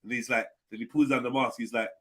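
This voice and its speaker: A man's voice: medium pitch, level tone, quick pace, bright, forceful tone, a little hiss or hum. A man telling funny stories on a casual panel chat, laughing a lot. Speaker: panel host.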